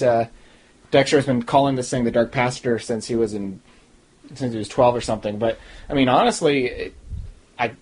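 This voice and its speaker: A man's voice: medium pitch, a little mellow, husky. A young man ranting casually and snarkily in a TV episode review, with mocking asides. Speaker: TV recap podcaster.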